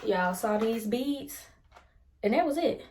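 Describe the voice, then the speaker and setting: Woman, chatty vlogger, mellow tone, echoey home room. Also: a little high, animated, slow, slight background noise. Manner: chatty and upbeat, uses Southern US slang. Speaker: beauty vlogger. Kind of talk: casual chat with devotional talk. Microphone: ring light setup at home.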